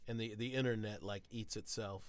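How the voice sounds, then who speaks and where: A man's voice: fairly low pitch, steady tone, fairly quick. A man hosting a podcast and musing loosely in casual chat. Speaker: podcast host.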